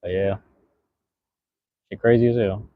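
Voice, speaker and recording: A man's voice: on the low side, fairly even intonation, a little slow, dry recording, phone-quality sound. A young man from the US West Coast hosting a live stream, talking in a laid-back, rambling way with street slang and lots of cursing. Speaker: podcast host and live streamer. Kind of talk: casual live-stream monologue.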